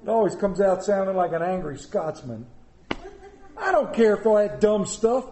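A man's voice: high voice, sing-song, normal speed, dark tone, a little hiss or hum. A middle-aged man preaching a sermon as pastor, a folksy, joking storyteller. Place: church sanctuary. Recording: roomy church echo.

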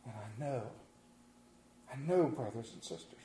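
A middle-aged man preaching a sermon, telling a folksy story that moves between hushed tender passages and loud emphatic preaching. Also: mid-range voice, animated, unhurried, pauses often, echoey room, low-quality recording. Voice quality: folksy Southern drawl talk with "ain't" and "y'all". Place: church sanctuary.

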